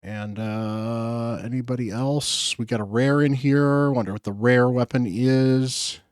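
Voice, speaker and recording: A man's voice: mid-range voice, steady tone, measured pace, darkish tone, clear, resonant tone, dry recording, studio quality. A man hosting his gaming channel, chatting casually through his summon pulls in an upbeat way with frequent fillers. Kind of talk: casual gacha summon commentary.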